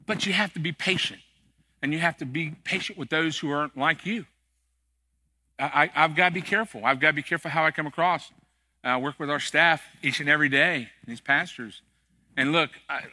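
A man's voice: a little high, bright, forceful tone. A middle-aged man, an executive pastor, preaching a sermon in a church in a conversational, joking and emphatic way. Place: church sanctuary.

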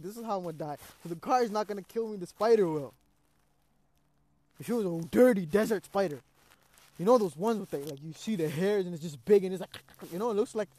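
A man's voice: high voice, no echo. A young man in casual conversation, telling a personal story with street slang and lots of "bro", acting out his own reactions. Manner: animated, acts out his own cries.

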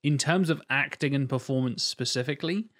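A man co-hosting a podcast in casual chat, explaining his ideas in a measured way and laughing easily. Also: medium pitch, fairly bright tone. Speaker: podcast co-host.

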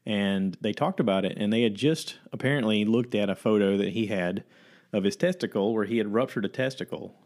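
Chatty man telling a story, low voice. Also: fairly quick. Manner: animated retelling, acts out quoted voices. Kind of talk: casual storytelling chat.

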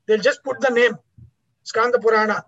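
Man, high voice, class lecture, restarts phrases, keeps asking "right?", dull lo-fi sound. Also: steady tone, normal speed, bright, forceful tone. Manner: repeats and restarts words, asks "right?" often. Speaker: teacher. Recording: dull lo-fi recording.

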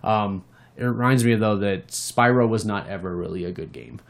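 With a lowish voice, vocal fry, and normal speed, this man co-hosts a gaming podcast. He chats casually and rants animatedly about games, with plenty of cursing.

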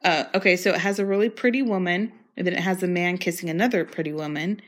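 A woman's voice: on the low side, quick pace. A young woman co-hosting a casual chat show, giggly and chatty as she reads old ads aloud. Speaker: podcast co-host.

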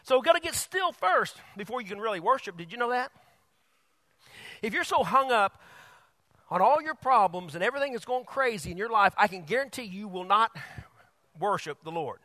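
A male pastor preaching a sermon, animated, laughing often and bursting loud on quoted lines. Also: high voice, fairly quick, no echo.

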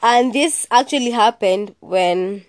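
A young woman hosts a casual solo podcast, chatting in a sassy way, cursing freely and slipping in Swahili. Her voice is a little high and slow, and the recording is dry and close with no room sound.

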